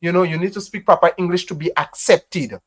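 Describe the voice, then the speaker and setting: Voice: medium pitch, fairly quick, husky. A speaker from Grenada with a Grenadian accent, hosting a casual live stream and talking passionately to viewers, repeating phrases and often saying "you know". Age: adult parent. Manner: impassioned, repetitive, heavy use of "you know".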